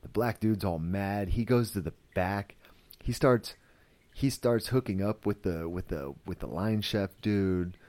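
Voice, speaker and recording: Speaking unhurriedly in a lowish, somewhat dark voice, this man hosts a podcast where he reviews a series. The recap is casual and meandering, peppered with "like" and "you know," and he swears often.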